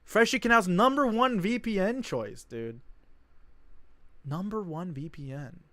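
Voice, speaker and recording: A man's voice: high-pitched, expressive, measured pace, sharp tone, no room sound. A young man casually reacting on a live stream, rambling and enthusiastic, repeating himself.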